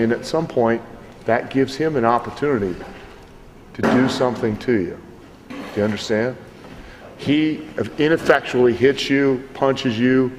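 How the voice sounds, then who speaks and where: A man's voice: mid-range voice, normal speed. A middle-aged man coaching wrestlers, critiquing matches and acting out scenes with swearing. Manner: animated, profane, acts out scenes. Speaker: wrestling trainer. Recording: echoey hall, faint background noise.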